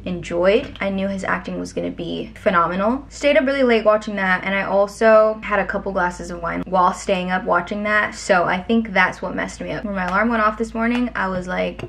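A woman's voice: medium pitch, brisk, creaky, hardly any pauses, a bit bright, a little hiss or hum. A young woman vlogger telling a long story in a chatty, rambling way, full of fillers. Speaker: lifestyle vlogger. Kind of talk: casual storytelling to camera.

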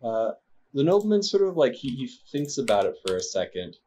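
A man's voice: medium pitch, very animated, a little fast, dark tone, a little hiss or hum. A man narrating a tabletop game as game master, hesitant and full of fillers.

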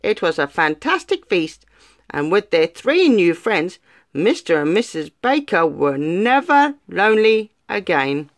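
A woman reading a children's story aloud in an expressive, lively way. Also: on the low side, a little slow, dry recording, clean studio sound.

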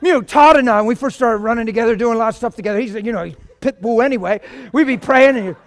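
A man preaching a sermon in a church, telling stories in an animated way and swinging from quiet talk to loud bursts. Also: very high voice, fast talker.

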